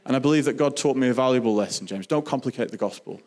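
A man sharing a personal faith testimony, earnest and halting, with frequent restarts. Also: medium pitch, a little mellow. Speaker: Christian speaker sharing testimony.

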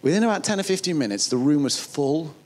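A man's voice: a little high, expressive, fast. A man with a northern English accent, preaching a sermon in a chatty, storytelling way that often restarts phrases. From northern England. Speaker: pastor.

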